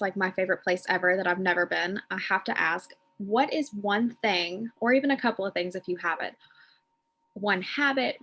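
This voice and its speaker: A bubbly woman hosting a country music interview over a video call. She talks with eager enthusiasm and a friendly, chatty flow. Her voice sits at a middle pitch. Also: a bit bright. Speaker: interview host.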